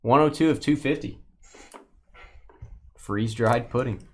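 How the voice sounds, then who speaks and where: A man hosting a live sports card break, joking playfully and getting excited over the cards. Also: mid-range voice, measured pace. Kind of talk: casual live stream chat.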